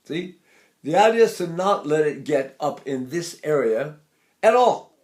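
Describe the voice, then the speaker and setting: Older male voice teacher, slightly high speaking voice, explains and demonstrates vowels. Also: lively intonation, measured pace, a little mellow. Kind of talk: vocal technique lesson with sung demonstrations.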